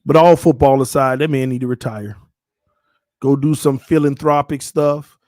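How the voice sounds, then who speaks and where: A man's voice: medium pitch, moderate pace, no echo, clean studio sound. A man, chatting casually as host of a sports livestream from home. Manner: animated, laughs loudly, slangy. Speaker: channel host.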